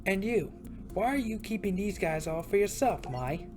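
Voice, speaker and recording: A woman's voice: medium pitch, animated, moderate pace, darkish tone, faint music behind, voice pushed up, close to an everyday voice. A woman putting on a cocky thug. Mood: taunting.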